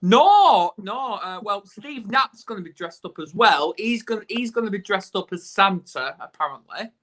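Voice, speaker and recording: A northern English man hosts a loose live video chat, rambling and poking fun at himself. His voice has a bright, forceful edge. He is heard through a video call. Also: high-pitched, animated, normal speed. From England. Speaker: host. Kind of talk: casual live stream chat.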